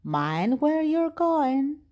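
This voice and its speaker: A woman voicing a patient mother mouse who gently warns her busy little son to be careful. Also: sits high, big pitch swings, very slow, lo-fi sound, pitched above the performer's own voice, heavily acted. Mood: cautioning. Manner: gentle, cautioning.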